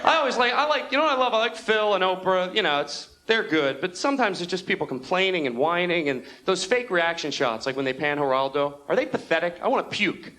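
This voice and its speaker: A young man doing a stand-up comedy routine on a club stage into a handheld mic, talking fast and animated and slipping into quick character voices. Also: high voice. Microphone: handheld stage microphone. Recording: old videotape with audible room noise. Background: audience laughter.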